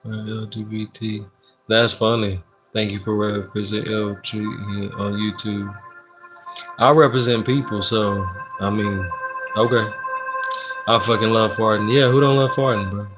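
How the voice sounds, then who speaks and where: A relaxed man, hosting a livestream and chatting with viewers. His voice sits a little low, and soft music plays faintly behind him. He talks in a loose, joking, slangy way. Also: a little slow. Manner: laid-back, joking, slangy, reads chat aloud. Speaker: livestream host doing personal readings. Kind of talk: casual livestream chat reading comments.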